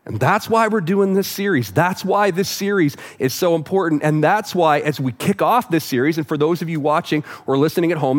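Joking conversational male pastor. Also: on the high side. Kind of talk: sermon. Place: church auditorium with live audience.

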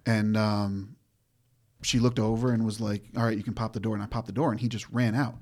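Man, low voice, lively storyteller for a casual podcast chat. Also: a little fast. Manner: animated storyteller, acts out quotes. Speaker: guest, former corrections officer.

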